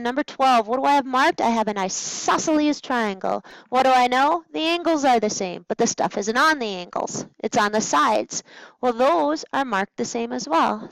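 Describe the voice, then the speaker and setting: A woman's voice: on the high side, expressive, normal speed, vocal fry, a bit bright, no echo, poor audio. A woman math teacher talking through practice problems at a smart board, chatty and playful with little asides to herself. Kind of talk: recorded test-prep walkthrough.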